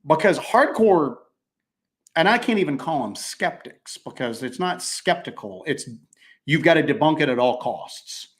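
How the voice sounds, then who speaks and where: Animated storytelling man, slightly high voice. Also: unhurried. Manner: animated storyteller, acts out quotes, repeats himself. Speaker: podcast host. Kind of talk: casual chat.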